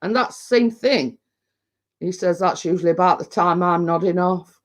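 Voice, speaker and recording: A man, chatting casually on a livestream, rambling and halting with many restarts, a little tipsy. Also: high voice. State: tipsy from home brew. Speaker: livestream host. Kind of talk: casual chat reading viewer comments.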